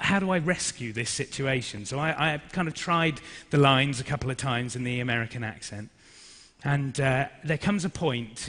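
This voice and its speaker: A young man speaking at a business forum, telling a personal story in a lively anecdotal way and acting out what people said. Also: fairly high pitch. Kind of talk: storytelling talk to an audience. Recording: reverberant hall.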